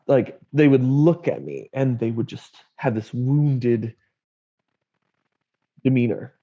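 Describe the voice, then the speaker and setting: A man's voice: mid-range voice, takes it slowly. A young adult man candidly telling his personal story in an interview, wry and blunt, acting out what his family said. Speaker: guest sharing his story. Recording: dull lo-fi audio.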